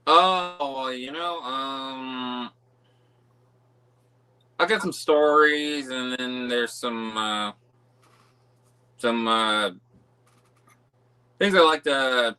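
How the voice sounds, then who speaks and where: A man as a guest in a casual podcast chat, hesitant and halting with many fillers. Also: mid-range voice, pushed and bright, clean tone.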